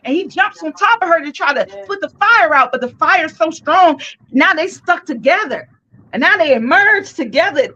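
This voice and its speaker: A woman podcast co-host casually retelling a myth in an animated, profane, slangy way. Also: very high voice, moderate pace, muffled recording. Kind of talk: casual storytelling.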